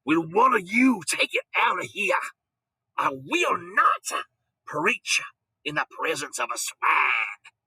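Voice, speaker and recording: A man voicing an indignant preacher who declaims slowly and loudly with a trembling voice. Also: sing-song, husky, no echo, full character voice. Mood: outraged. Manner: booming, slow, preachy declaiming.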